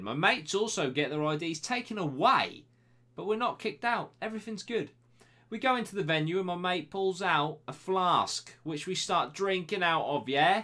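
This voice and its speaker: A man's voice: a little high, lively intonation, moderate pace, sharp tone. Sarcastic young man reading emails. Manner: banter-heavy, sarcastic asides to the sender. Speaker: web show host reading listener emails. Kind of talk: casual swearing storytelling and email reading.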